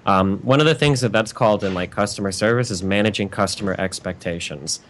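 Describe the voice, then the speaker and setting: A man's voice: fairly low pitch, brisk, fairly bright tone, slight background noise. A man who streams, a podcast guest explaining his view methodically in casual chat.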